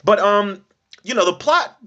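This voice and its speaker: A man's voice: high voice, animated, measured pace, bright, forceful tone, highs cut off. A young adult man hosting a podcast, casually recapping a horror movie in a rambling, profane way and acting out the lines. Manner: profane, rambling storyteller who acts out quotes.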